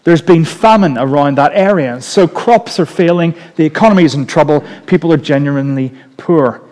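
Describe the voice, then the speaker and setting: Male preacher, high voice, joking and chatty sermon delivery, long reverb of a big church hall. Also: moderate pace. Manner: lively, joking, conversational preaching.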